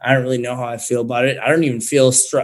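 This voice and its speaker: A young man telling a story in casual chat, swearing a lot and talking in an animated way. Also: medium pitch, rapid-fire. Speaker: guest.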